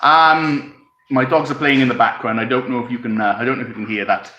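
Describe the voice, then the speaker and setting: A man's voice: mid-range voice, steady tone, fast talker, pushed and bright, dull audio, slight background noise. A man from Wales with a Welsh accent, casually chatting on a live stream from his home, reading out comments, rambling and chuckling as he sips tea. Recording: echoey room.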